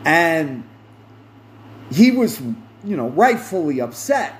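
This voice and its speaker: Slow, lively-pitched earnest male storyteller. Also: a little hiss or hum. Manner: earnest, emphatic, repeats phrases for stress. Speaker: podcast host. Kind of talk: personal storytelling monologue.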